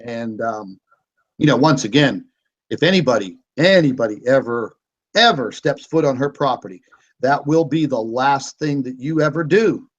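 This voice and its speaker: A man's voice: medium pitch, animated, normal speed, dull audio. A man hosting a casual online panel chat over a video call, talking in a meandering, hesitant and sarcastic way. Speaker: show host.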